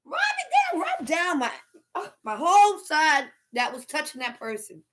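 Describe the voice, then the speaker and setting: A middle-aged woman, chatting casually on a livestream, loud and animated, laughing and shouting at times. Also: sits high, moderate pace, a little hiss or hum. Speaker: livestream host.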